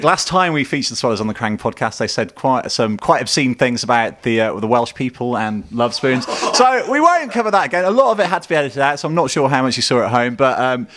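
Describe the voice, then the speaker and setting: A man's voice: medium pitch, fairly bright tone. A man hosting a music podcast, teasing his guests in a joking casual interview. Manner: teasing, wry. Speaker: podcast host.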